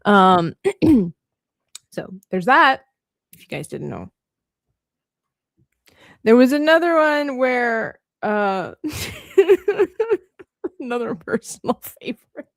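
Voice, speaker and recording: A woman's voice: a little high, slow, creaky, pauses often, dry recording, clean studio sound. A woman hosting an art livestream, chatting casually while she draws, telling stories with lots of laughter. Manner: animated storyteller who laughs often.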